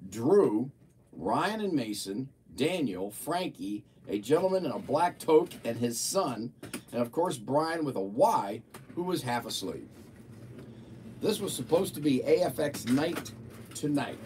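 A man's voice: mid-range voice, very animated, unhurried, darkish tone, distant mic, slight background noise. A man hosting a casual livestream, chatting and reading a viewer's report aloud in an amused, playful way. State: a bit of a frog in his throat. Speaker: livestream host.

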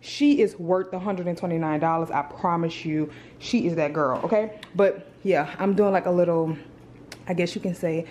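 A young woman talks straight into a camera on a tripod in her apartment, loose and chatty, calling viewers "girl" and "y'all". Her voice sits a little low for a woman, with a faint hiss behind it. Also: fairly even intonation, moderate pace, dark tone. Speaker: vlogger. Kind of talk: casual vlog chat to camera. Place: at home in an apartment.

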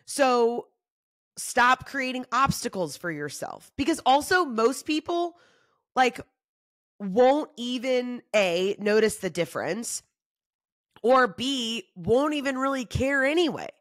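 A woman comedian talking in a casual solo monologue, animated and swearing freely, acting out other people's voices. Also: takes it slowly, no room sound, clean studio sound. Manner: acts out quoted voices in shifting pitch. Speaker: comedian and podcast host.

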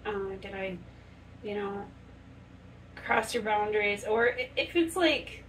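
A woman's voice: medium pitch, slow pace, a bit bright, distant mic, a little hiss or hum, rough recording. A woman vlogger talking earnestly and conversationally while doing her makeup in a home bathroom, often acting out quoted speech. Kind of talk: casual chat to camera while doing makeup.

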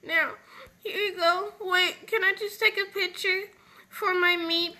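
A woman's voice: very high-pitched, fairly even intonation, measured pace, pushed and bright. A woman voicing characters in a casual game roleplay, playful and switching between voices.

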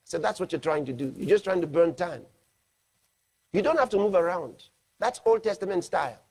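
A man, a pastor, preaching a sermon with emphasis and slowing down to read scripture aloud. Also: high-pitched, animated, darkish tone, slightly rough.

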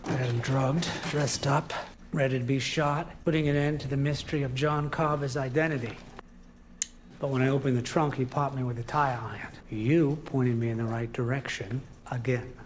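A man playing a cold, calm killer. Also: medium pitch, a little hiss or hum, lightly acted. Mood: cold menacing. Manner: measured, cold confession. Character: male killer, calm and menacing. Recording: film audio with score music.

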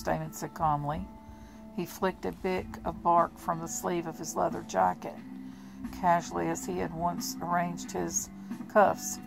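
A woman reading a novel aloud in a plain, steady amateur style with small restarts. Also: on the low side, measured pace, creaky, music in the background, rough recording. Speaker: audiobook reader.

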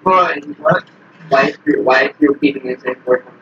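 A man's voice: mid-range voice, moderate pace, a bit bright. A man in casual game chat, needling and sarcastic toward his friends. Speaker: gamer. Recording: distant lo-fi mic with hiss.

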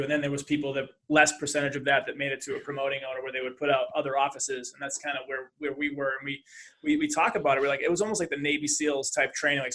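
A man hosting a podcast in casual interview chat, halting, often repeating words and using fillers. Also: medium pitch, fairly bright tone. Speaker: podcast host.

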